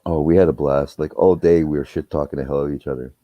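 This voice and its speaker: On a live stream, a man with a rumbling low voice talks quickly, casually spinning rambling, profane stories about his family and getting animated whenever he retells a quarrel. There's no room sound, and the audio comes across dull and muffled.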